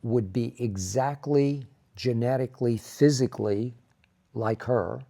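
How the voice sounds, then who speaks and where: A man's voice: medium pitch, a little slow, vocal fry, mellow. A man co-hosting a relationship talk show, chatting casually and speaking earnestly about faith. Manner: earnest, reflective, brings faith into it. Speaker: co-host. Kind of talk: casual chat.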